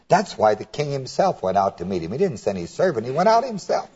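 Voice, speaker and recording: A man's voice: mid-range voice, huge pitch swings, fairly quick, a little mellow, breathy edge. A man preaching a folksy Bible lesson, retelling scripture in colloquial words with frequent chuckles. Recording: dull lo-fi recording.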